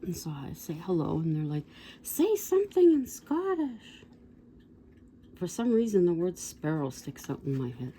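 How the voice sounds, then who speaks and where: Woman in her 60s, vlogger, mellow low voice, rambling storyteller, faint noise behind. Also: lively intonation, brisk, few pauses. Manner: rambling, digressive, with asides to viewers. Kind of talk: casual storytelling.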